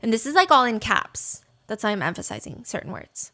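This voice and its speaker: A young woman with a fairly high voice tells a true crime story in a loose, chatty way. She is opinionated and swears freely, filling her sentences with "like." She sounds like someone talking to friends. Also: very animated, fairly quick, sharp tone. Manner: chatty, profane, opinionated, many "like"s. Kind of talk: casual storytelling.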